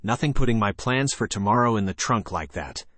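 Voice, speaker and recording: A man voicing an impatient, dismissive husband in a horror story, read in a flat, plain way. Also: on the low side, brisk, dry recording.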